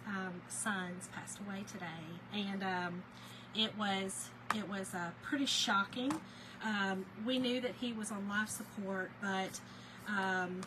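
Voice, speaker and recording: A woman's voice: a little high, bright, forceful tone, slight background noise, poor audio. A woman with a Southern US accent, chatting casually on a live stream as she crafts and greets viewers by name. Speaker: livestream crafter.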